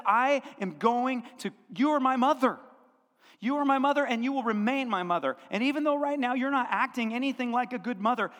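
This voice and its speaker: A male pastor with a high-pitched voice delivers a lively sermon, voicing the characters in his story as he goes. The sound carries a long reverb from the church hall around him. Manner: animated storytelling, acting out biblical characters' lines. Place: church sanctuary.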